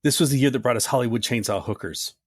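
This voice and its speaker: A man co-hosting a podcast in casual chat, dry and wry, with short reactions that drop low. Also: fast, slightly rough, dry recording. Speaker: podcast co-host.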